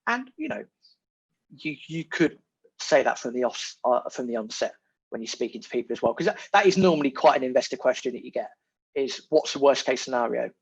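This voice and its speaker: A man, a podcast guest talking in a casual, animated and emphatic way, repeating his key words. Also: medium pitch, fairly quick, creaky, slightly rough. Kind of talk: casual conversation. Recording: muffled lo-fi audio.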